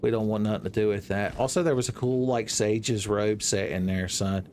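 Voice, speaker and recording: Young guy riffing over his game, goofy and loud at times, bit of hiss in the back. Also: on the low side, steady tone, normal speed. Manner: playful, jokey, swings into loud shouted exclamations. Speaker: gaming video creator. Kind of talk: joking gameplay commentary.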